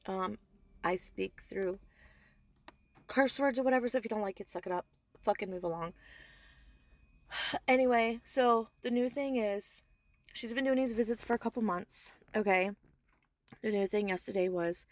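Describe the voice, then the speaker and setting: A young woman vents straight to her camera in a heated rant, swearing freely and hammering her points home. Her voice sits a little high for a woman, and she stays fired up without letting it boil over into yelling. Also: normal speed, pauses often. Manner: heated, profane, emphatic. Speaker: vlogger. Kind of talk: angry social media rant.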